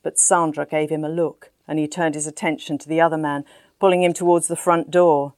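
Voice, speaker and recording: A woman's voice: sits low, level tone, brisk, darkish tone, no room sound. Woman narrating, dry close sound. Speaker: audiobook narrator. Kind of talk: first-person storybook narration.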